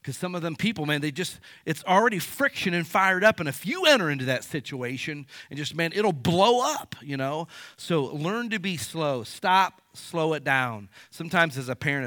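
A middle-aged male pastor preaching a sermon in an animated way, with rhetorical questions and acted-out asides. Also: a little high, normal speed, few pauses, no room sound.

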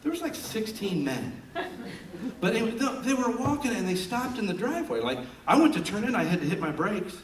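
A fairly high-voiced man preaches in a church sanctuary, telling animated, joking stories. His voice carries through a roomy space from some distance off the mic. A faint hum of room noise sits underneath. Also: a little fast. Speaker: pastor. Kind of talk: sermon with folksy storytelling.

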